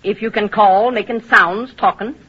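A woman's voice: mid-range voice, steady tone, moderate pace, slightly rough, lightly acted. An actress playing a nervous woman who tends the prisoners, speaking reluctantly in a 1940s radio drama. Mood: worried. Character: uneasy woman nurse serving a cruel boss. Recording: muffled old radio broadcast.

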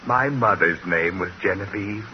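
An actor playing a shy, halting middle-aged bachelor in 1940s radio acting. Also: male voice, low-pitched, close to an everyday voice. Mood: bashful. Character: bashful, timid middle-aged bachelor clerk. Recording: dull, hissy old radio recording.

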